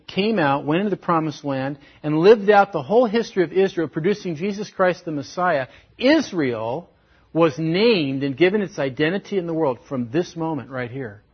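A man preaches in a loose, conversational way and leans hard into emphatic questions. His voice sits a bit high and sounds husky. The recording is dull and lo-fi. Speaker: pastor. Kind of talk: sermon.

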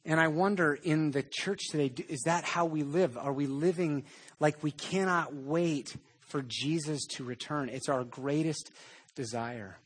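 A male pastor delivering a sermon with animated, conversational storytelling. His voice is somewhat husky and sits a bit high for a man. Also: unhurried.

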